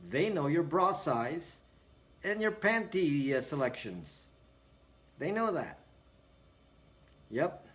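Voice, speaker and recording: On a laid-back livestream, a host with a fairly bright voice on the high side fires back sarcastic jokes at viewer comments. He laughs a lot and keeps slipping into rambling asides.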